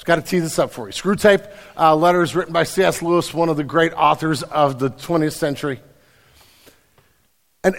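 A man preaching a sermon in a church, animated, repeating phrases and putting questions to the congregation. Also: a little high, in a large hall. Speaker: pastor. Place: church hall.

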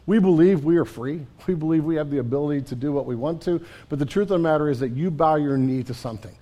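High-voiced man preaching a sermon. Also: quick pace. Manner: conversational preaching, often drops to a quiet, low delivery. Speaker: pastor.

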